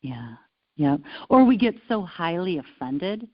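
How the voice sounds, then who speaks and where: Brief: low-pitched woman, interview guest, playful animated storyteller, dry close sound. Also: unhurried, no room sound. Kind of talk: casual interview conversation. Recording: dull lo-fi sound.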